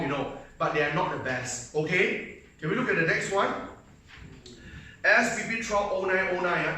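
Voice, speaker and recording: A man's voice: on the high side, sharp tone. A man with a Malaysian English accent teaching chemistry to a class, constantly checking that students follow along. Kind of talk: live classroom lecture. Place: school classroom. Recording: echoey room, mic far off, faint noise.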